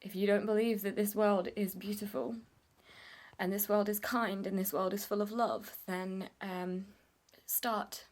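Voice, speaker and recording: A woman's voice: mid-range voice, steady tone, measured pace. Young woman, candid confessional vlog, emotional, casual swearing, tearful edge. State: tearful at times. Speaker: vlogger.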